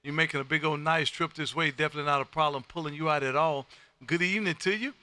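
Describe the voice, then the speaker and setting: A loud, hearty man calls CQ from his home radio room, repeating his folksy phrases. His voice is high and very bright. The sound is completely dry and close. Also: quick pace, clean tone, no echo. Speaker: ham radio operator and live-stream host. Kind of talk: calling CQ and chatting with contacts.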